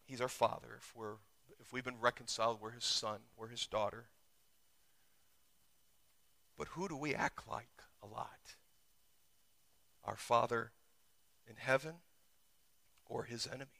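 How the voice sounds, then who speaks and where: Bright-voiced man preaching with rising intensity. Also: steady tone, normal speed, creaky, long pauses. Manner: preaching with sudden surges in pitch and volume. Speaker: pastor. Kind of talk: sermon. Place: church.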